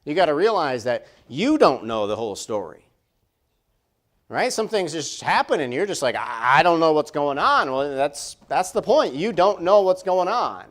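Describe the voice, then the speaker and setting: Pastor, male, fairly high voice, chatty sermon with repeated phrases and questions. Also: very animated, moderate pace. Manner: conversational preaching, repeating phrases, many rhetorical questions. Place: church sanctuary.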